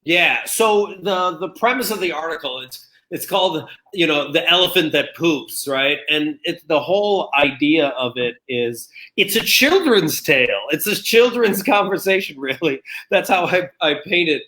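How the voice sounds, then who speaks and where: Bright, animated man telling a story. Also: a little high, normal speed, few pauses. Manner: animated storytelling, acting out quoted voices. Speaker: guest. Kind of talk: conversational interview.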